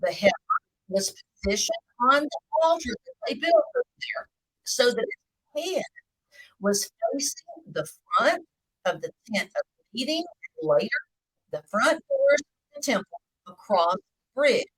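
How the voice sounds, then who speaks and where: A woman giving a live video Bible teaching, speaking slowly and deliberately, with the occasional hiccup. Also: fairly high pitch, slightly rough, dry recording, rough recording. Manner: slow, deliberate, lively intonation.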